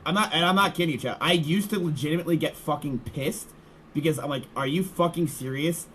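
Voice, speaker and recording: A man's voice: on the high side, quick pace, pushed and bright, slight background noise, rough recording. A male streamer talking to his chat in a brash, joking way and swearing often.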